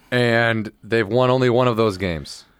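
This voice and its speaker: A man talks in a loose, rambling way, getting excited and jumping from point to point. His voice sits in a middle pitch. The sound is dry and close, with no room sound around it. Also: takes it slowly, clear, resonant tone, no room sound. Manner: rambling, excitable, bursts into shouted impressions. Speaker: podcast co-host. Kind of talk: casual chat.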